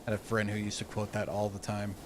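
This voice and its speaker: Chatting casually on a gaming stream, this man from the American South reacts loudly to the game and keeps starting his sentences over. He speaks a little fast in a fairly low, monotone voice, and there's background noise.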